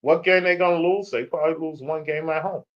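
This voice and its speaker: A man's voice: fairly high pitch, steady tone, brisk. A young man ranting about basketball in a casual stream, profane and trash-talking. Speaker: sports streamer. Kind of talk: casual sports rant. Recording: dull lo-fi stream audio.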